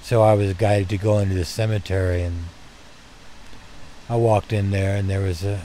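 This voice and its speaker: An older man telling personal stories in a gentle, heartfelt way, speaking to his listeners as dear friends. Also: deep voice, flat delivery, normal speed, slight background noise. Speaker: storyteller. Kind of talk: personal storytelling.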